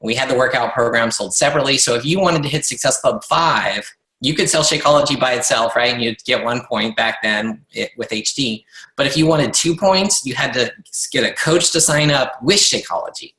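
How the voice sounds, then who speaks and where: A man with a bright, forceful voice gives a motivational talk to his coaching team. He speaks earnestly and conversationally, with frequent fillers and restarts. The sound is roomy and echoey. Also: mid-range voice, brisk. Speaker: network marketing coach leading a team call.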